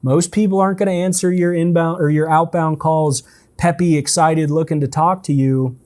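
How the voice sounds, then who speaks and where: Man, sales trainer, casual coaching, relaxed conversational manner, dark mellow tone. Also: fairly high pitch, normal speed. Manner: relaxed and conversational, often checks in with "right?". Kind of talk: casual in-person coaching session.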